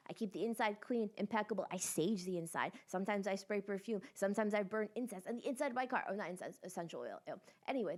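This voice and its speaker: A young woman co-hosting a podcast, chatting casually in a joking, rambling way. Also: mid-range voice. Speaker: podcast co-host. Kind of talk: casual chat.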